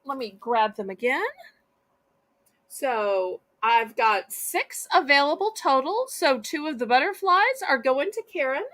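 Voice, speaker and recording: A woman hosts a live online sale, her voice high and bouncing across a wide range. She talks slowly and chattily, with a bright edge that is starting to fray. The sound is close and dry, with no room around it. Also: lively intonation, dry recording. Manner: chatty, folksy, drawn-out sales patter. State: losing her voice. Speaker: live online auction host. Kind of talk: live-stream selling chat.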